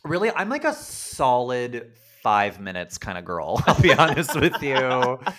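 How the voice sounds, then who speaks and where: A man co-hosting a casual film podcast, chatty and animated, quick to laugh and act out quotes. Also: mid-range voice. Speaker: podcast co-host.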